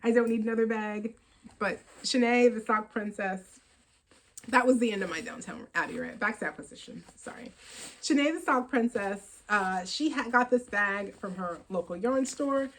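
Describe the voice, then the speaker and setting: A woman hosting a knitting podcast, chatting casually about her yarn purchases in an excitable, rambling way with frequent laughs. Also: medium pitch, low-quality recording.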